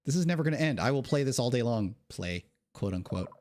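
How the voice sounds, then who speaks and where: A man's voice: mid-range voice, animated, fast, darkish tone, slight background noise. A man streaming a game, making sarcastic, joking asides in casual commentary. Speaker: gaming streamer.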